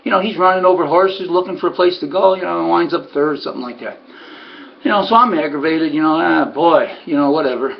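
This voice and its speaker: Man, horse trainer, rambling storytelling, high voice, gravelly, dull lo-fi recording. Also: fast talker. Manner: rambling, full of "you know" and restarts. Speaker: harness racing trainer. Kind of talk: casual spoken storytelling.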